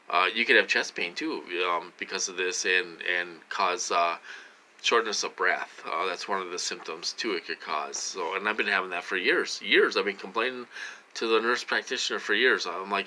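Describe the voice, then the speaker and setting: A man's voice: deep voice, pushed and bright. A middle-aged man rambling in a casual vlog, repeating himself and often addressing his viewers, a little short of breath. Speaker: vlogger.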